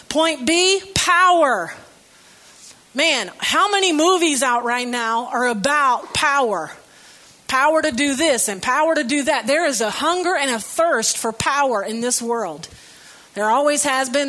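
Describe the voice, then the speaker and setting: A woman's voice: high voice, bright, forceful tone. A woman preaching a sermon in a conversational, storytelling way with light humor.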